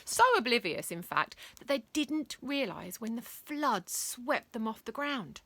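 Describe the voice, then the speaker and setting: A woman reading a bedtime story aloud, playful and expressive, switching into character voices. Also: a little high, unhurried, a little hiss or hum.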